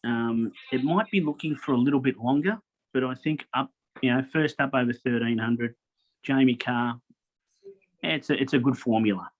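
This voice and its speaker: A man explaining horse form in casual chat, steady, with fillers like "look". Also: medium pitch, moderate pace. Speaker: podcast co-host giving racing tips. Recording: slightly dull, lo-fi audio.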